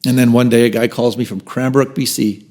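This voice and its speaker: A man's voice: medium pitch, brisk. A man in his fifties, a podcast guest telling a personal story animatedly, acting out quotes and dropping into whispers. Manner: animated storyteller who acts out quotes and drops into whispered asides.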